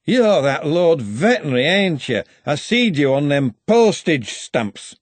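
A man voicing a drunk, coarse male footballer with slurred, loud speech. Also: fairly high pitch, sing-song, unhurried, no echo, pitched above the performer's own voice. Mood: brash.

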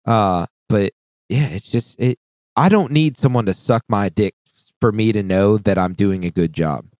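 Male podcast co-host, deeper register, loose and profane, rambling venting style. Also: unhurried, darkish tone, dry recording. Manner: profane, rambling storyteller venting about work. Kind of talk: casual podcast chat.

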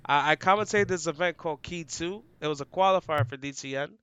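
A man's voice: fairly high pitch, fast talker, clear, resonant tone, no room sound. A young adult man, an esports commentator, telling stories in a casual, slangy interview chat. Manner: animated and slangy, many "like" fillers; describes himself as loud and outgoing.

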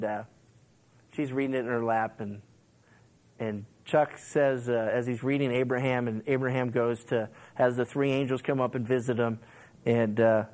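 A male pastor preaching in a loose, conversational way, scattering "you know" through his talk. His voice sits at a middling pitch for a man. He tells stories with energy and acts out each character's lines. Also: low-quality recording. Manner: animated storytelling, acts out quotes and laughs along. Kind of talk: sermon, Bible teaching.

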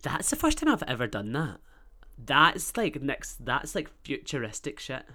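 A Glaswegian podcast host from Scotland rambles through a casual solo chat, full of swearing and self-mocking banter. His medium-pitched voice swings hugely in pitch, and he speaks a little slowly with a bright, forceful tone.

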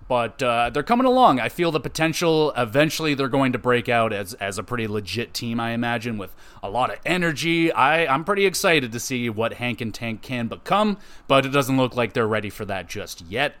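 A man's voice: medium pitch, fairly bright tone. Laid-back male podcast host recapping. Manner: offhand, conversational play-by-play with quick verdicts. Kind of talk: casual wrestling show recap.

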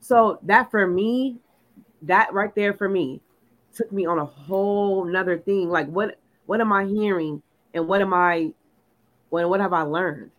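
A woman telling a personal story in casual chat, animated and full of "like", acting out what people said. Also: mid-range voice, measured pace, highs cut off. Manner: animated storyteller, lots of "like", acts out quotes. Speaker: podcast co-host.

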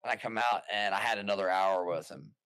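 Male podcast guest, low-pitched, forceful storyteller, rambling delivery. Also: fairly quick, clear, resonant tone, dry recording. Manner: rambling, animated, restarts often while retelling quotes. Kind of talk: casual storytelling chat.

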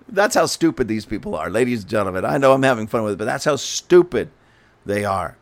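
A man's voice: on the low side, sing-song, fairly quick. A man giving an indignant, sarcastic political commentary rant, speaking scornfully to his audience.

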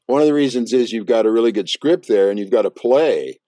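A man's voice: mid-range voice, brisk, warm tone, no echo. A man talking enthusiastically and colloquially about a classic film. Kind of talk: casual film discussion.

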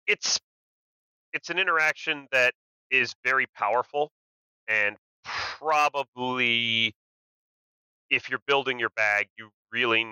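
Very bright, smooth-voiced man on a dry mic. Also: mid-range voice, dry recording, dull audio. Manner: agreeable, quick to confirm and clarify. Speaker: podcast co-host. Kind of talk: casual game strategy chat.

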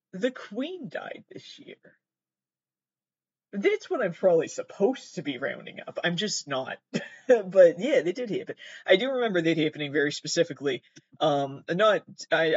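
A young man from Massachusetts rambles through a casual podcast, cursing and poking fun at himself. His somewhat high voice swoops all over, recorded close and dry with a slightly dull, lo-fi tone. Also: husky, dry recording. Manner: rambling, swearing, self-mocking with frequent laughs. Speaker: podcast host. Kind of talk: casual solo commentary.

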